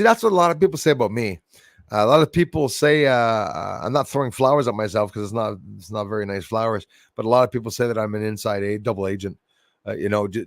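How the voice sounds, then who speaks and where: A man's voice: medium pitch, no echo. Chatty man on a dry mic. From Canada. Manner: chatty, rambling, laughs often. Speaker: livestream host. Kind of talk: casual chat reading viewer comments.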